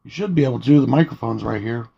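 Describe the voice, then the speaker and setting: A man talking quietly and casually through a movie review, late at night at home, in a soft, rambling way. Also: mid-range voice, fast, vocal fry, breathy edge, muffled recording. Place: home at night, dim room.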